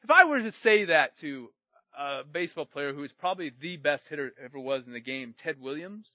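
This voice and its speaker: A middle-aged man preaching a sermon, swinging between shouted emphasis and quiet storytelling. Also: a little high, lively intonation, a little fast, no echo. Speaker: pastor. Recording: dry, muffled recording.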